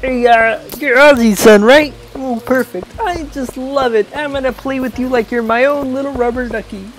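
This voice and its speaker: A man voicing a creepy, taunting male puppet character in a high, leering voice over a live game stream. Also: fairly even intonation, moderate pace, rough recording. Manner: high-pitched, leering, crude.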